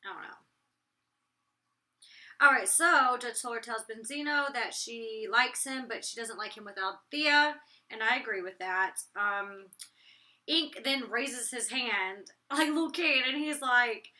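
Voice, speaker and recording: Chatty woman with a very bright voice. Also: fairly high pitch, measured pace. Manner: chatty, animated, giggly. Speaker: vlogger. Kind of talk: casual reality TV recap vlog.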